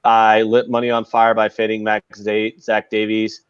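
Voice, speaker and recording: A man's voice: lowish voice, monotone, moderate pace, clear, resonant tone, no room sound, dull audio. A man hosting a casual live sports betting podcast, talking in a brash, profane, rambling way. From United States. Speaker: podcast host.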